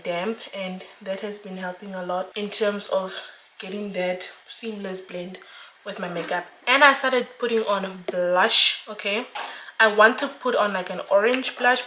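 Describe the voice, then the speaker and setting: A woman's voice: mid-range voice, a bit bright, roomy sound, slight background noise. A young woman vlogger chatting candidly while doing her makeup, laughing often. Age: young adult.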